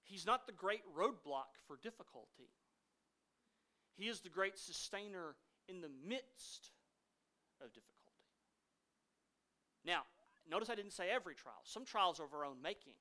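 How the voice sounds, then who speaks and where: Bright-voiced man preaching a sermon. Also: sits high, animated, moderate pace, long pauses. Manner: dynamic preaching, swinging from loud emphasis to hushed asides. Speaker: pastor.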